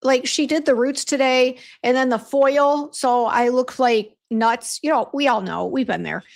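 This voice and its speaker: She speaks at a measured pace in a high voice with vocal fry. The beauty brand owner's casual livestream chat has her reading viewer comments, greeting people by name, and venting about a bad hair appointment, with frequent fillers and restarts.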